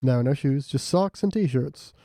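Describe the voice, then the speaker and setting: Bouncy giggly man, mellow tone. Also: medium pitch, animated, measured pace, no room sound, studio quality. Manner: giggly, riffing on jokes. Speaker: podcast guest. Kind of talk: casual comedic chat.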